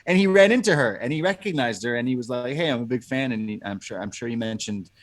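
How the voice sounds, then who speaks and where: A man co-hosting a wrestling review podcast, rambling and animated in casual chat. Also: mid-range voice, fast talker. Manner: animated, rambling, laughing commentary. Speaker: podcast co-host.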